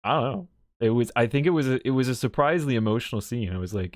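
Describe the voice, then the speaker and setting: A man's voice: mid-range voice, lively intonation, rapid-fire, dry recording, clean studio sound. A man casually recapping and commenting on a video game story, rambling and correcting himself as he goes, with frequent chuckles.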